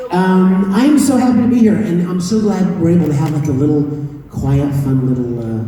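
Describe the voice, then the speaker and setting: Filmed on a handheld phone from the audience, this distant, echoey clip from a large convention hall captures a voice actor guest at a fan Q&A. His voice is a little high and dark in tone, at a moderate pace, as he chats casually, teases the crowd playfully, and laughs often.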